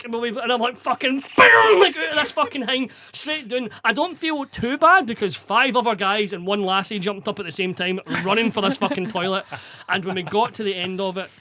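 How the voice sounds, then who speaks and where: Bright, high-voiced Scottish man. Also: fairly quick, hardly any pauses. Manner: sweary, animated anecdote telling. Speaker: podcast co-host. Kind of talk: casual storytelling chat.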